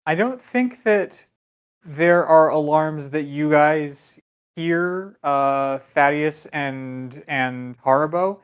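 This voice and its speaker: A game master narrating a tabletop game, halting with many ums and uhs. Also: mid-range voice, clear, resonant tone.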